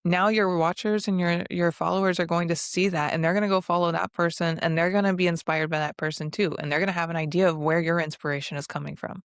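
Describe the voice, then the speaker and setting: A woman's voice: fairly low pitch, steady tone, fast talker, hardly any pauses, smooth, no room sound, clean studio sound. A young woman co-hosting a podcast who talks in a direct, reflective way and laughs easily. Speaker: podcast co-host. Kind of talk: casual podcast chat.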